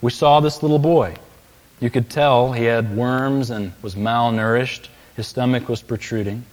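A man's voice: medium pitch, steady tone, unhurried, darkish tone. A man preaching a sermon, telling a story and then building to emphatic, raised peaks on key phrases. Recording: long hall reverb.

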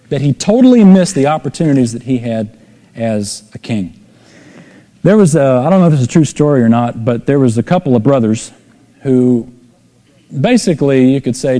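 Telling stories from the pulpit, a middle-aged preacher voices the people in them himself, his mid-range, mellow tone jumping into abrupt emphatic rises. The recording carries a long reverb, as if in a hall.

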